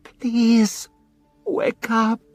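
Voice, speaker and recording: A man voicing a terrified young foreign woman, pleading in a high, desperate voice. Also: extremely slow, dry recording, soft background music, heavily acted. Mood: begging.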